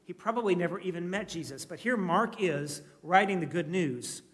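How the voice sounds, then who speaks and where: A man's voice: high voice, lively intonation, normal speed. A man preaching a sermon in a conversational, reflective way, now and then asking his listeners a question. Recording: reverberant hall.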